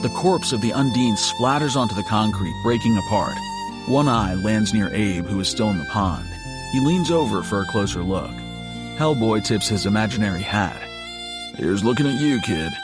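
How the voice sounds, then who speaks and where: A man narrating an audiobook in a steady, measured storytelling voice. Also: lowish voice, over music. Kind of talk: scripted narration.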